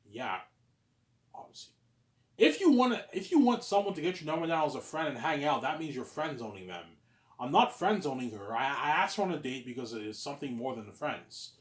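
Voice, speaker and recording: Rambling, stammering man, excitable. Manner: rambling and repetitive, with frequent stammered restarts; swings between loud, excited bursts and low mutters. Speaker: vlogger. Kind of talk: casual monologue, answering his own questions.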